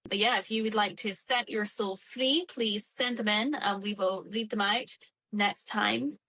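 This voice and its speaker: A woman co-hosting a podcast in a relaxed, casual way, giving brief affirming replies. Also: medium pitch, measured pace. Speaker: podcast co-host. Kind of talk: casual chat.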